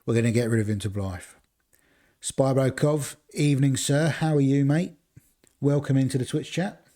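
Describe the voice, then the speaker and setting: On a live stream, a man plays a football management game and casually commentates in a mellow, medium-pitched voice at a moderate pace. He rambles and chats with viewers in between his choices.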